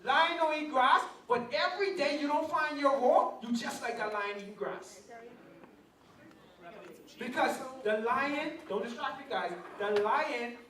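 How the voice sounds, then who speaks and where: High-voiced woman preaching to youth. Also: unhurried. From Bahamas. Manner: animated, calls on the audience, acts out roars. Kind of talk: lively sermon storytelling. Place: large hall with a youth crowd. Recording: echoey hall from a distance. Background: crowd of young listeners.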